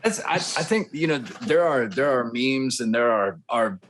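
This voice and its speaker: A man's voice: mid-range voice, expressive, moderate pace, a bit bright, slight background noise. A man who works as a tour manager and sound engineer, chatting casually on a podcast in an easygoing, rambling way.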